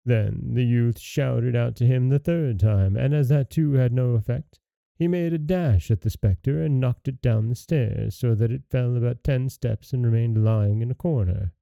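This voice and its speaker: Brief: male fairy-tale reader, dark gravelly voice, very dry close recording. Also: mid-range voice, dry recording. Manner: measured storybook narration. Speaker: storyteller host. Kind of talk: reading a fairy tale aloud.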